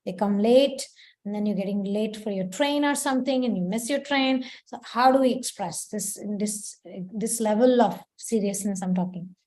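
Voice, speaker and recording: A woman's voice: medium pitch, normal speed, a little mellow. A woman giving a devotional lesson as a spiritual teacher, explaining patiently and acting out short example quotes.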